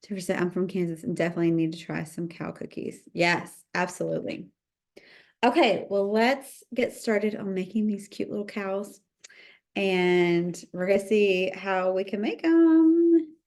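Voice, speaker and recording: A woman's voice: mid-range voice, unhurried, darkish tone. A middle-aged woman, chatting bubbly and casual as she hosts a livestream cookie decorating lesson and greets viewers by name. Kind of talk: livestream tutorial chat.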